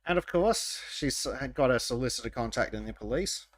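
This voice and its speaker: A man hosting a podcast in casual chat, wry and sarcastic, with halting restarts. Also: medium pitch, expressive, no room sound. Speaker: podcast host.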